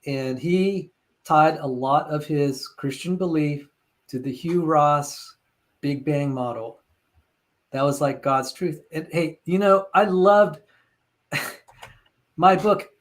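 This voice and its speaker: Male host, slightly high voice, animated storyteller, casual talk. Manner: animated storytelling, quoting others. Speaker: channel host. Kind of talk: casual chat.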